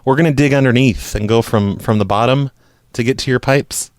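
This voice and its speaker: A man's voice: mid-range voice, a little fast, dry recording, clean studio sound. A man hosting a radio show, making prank phone calls and talking in a mock-innocent, apologetic way. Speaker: prank call radio host.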